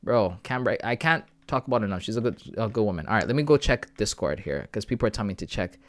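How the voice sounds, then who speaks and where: A man's voice: lowish voice, expressive, fast talker. A man from Canada chatting casually on a live stream, reading viewer messages aloud and answering them from home into a close, sensitive desk mic.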